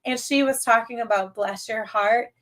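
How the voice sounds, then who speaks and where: A woman's voice: fairly high pitch, normal speed. A woman with a Midwestern accent hosting a podcast, nasal from a cold, upbeat and chatty. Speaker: podcast host. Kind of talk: casual interview chat.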